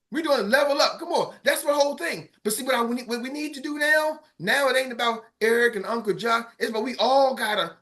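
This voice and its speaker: A man's voice: very high-pitched, sharp tone. A middle-aged man coaching his sales team on a morning call, fired-up and preachy, calling out to the group.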